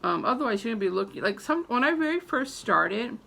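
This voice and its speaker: A woman's voice: on the high side, very animated, fairly quick, gravelly, pushed and bright. A woman talking loosely to her viewers about growing and using herbs, rambling with many fillers and restarts. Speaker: herbalist teaching about herbs and spell work. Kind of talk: casual unscripted video talk to viewers.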